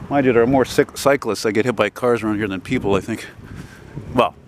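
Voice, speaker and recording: A man's voice: lowish voice, brisk. Rambling, chatty Montreal man in his forties, street vlogger walking and talking to camera, light street noise. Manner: rambling, chatty, swears casually, many fillers. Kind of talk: casual walking monologue. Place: outdoors on a city street.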